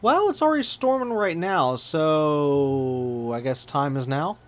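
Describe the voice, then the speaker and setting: Casting: a man with a fairly high voice, exasperated let's-play commentary. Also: lively intonation, takes it slowly. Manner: exasperated ranting, mocking voices. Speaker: gaming channel host.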